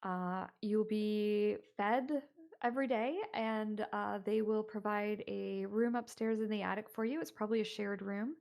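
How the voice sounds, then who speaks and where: A woman's voice: medium pitch, fairly even intonation, a little slow, vocal fry, darkish tone. A woman narrating as dungeon master in a tabletop game, chatty and full of fillers. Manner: chatty, laughing, many fillers.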